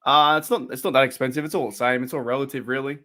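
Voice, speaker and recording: An Australian man talking casually on a livestream watch party. He reacts to each play and reads out viewers' messages in a relaxed, conversational way at a middling pitch. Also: fast. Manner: chatty, reacts to plays and reads chat aloud. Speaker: live stream host. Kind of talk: casual live-stream game commentary.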